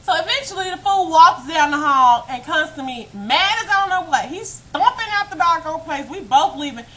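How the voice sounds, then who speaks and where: Animated high-voiced woman telling a story. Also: fairly quick, few pauses, rough recording. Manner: animated and emphatic, laughs often, talks to viewers directly. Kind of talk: casual storytime monologue to camera.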